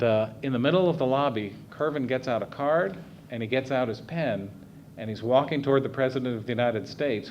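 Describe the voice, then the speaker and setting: A man's voice: medium pitch, muffled recording, slight background noise. A man giving a conversational public talk at a library, telling anecdotes with frequent fillers. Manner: conversational storyteller with many fillers. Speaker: guest speaker. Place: library meeting room.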